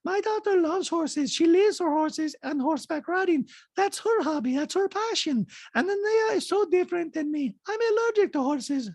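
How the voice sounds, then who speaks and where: A man voicing a doting wealthy middle-aged mother, in a high, airy, drawn-out and self-satisfied tone. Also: a little mellow, no echo.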